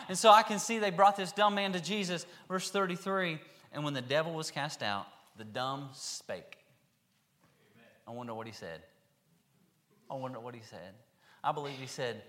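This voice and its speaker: A man preaching a sermon, reading scripture aloud and then acting out the characters in lively voices. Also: sits high, moderate pace.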